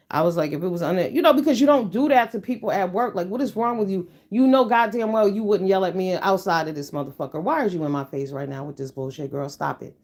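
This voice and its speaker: A woman's voice: on the low side, a little mellow. A middle-aged woman chatting to her viewers, telling a story in a blunt, profane, emphatic rant. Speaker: YouTuber. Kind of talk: casual chat to viewers.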